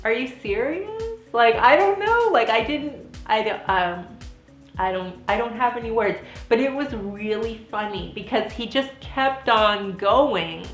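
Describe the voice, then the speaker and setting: A woman's voice: on the high side, unhurried. Giggly woman telling stories in an echoey room. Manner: giggly, animated, lots of "like" fillers. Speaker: vlogger and former theme park princess performer. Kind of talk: casual storytelling vlog. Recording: echoey room with faint music.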